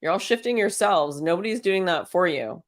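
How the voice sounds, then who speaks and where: A woman's voice: fairly low pitch, lively intonation, moderate pace. A woman hosting a casual spiritual self-help talk, chatty and encouraging, firing off strings of rhetorical questions and laughing often. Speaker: host.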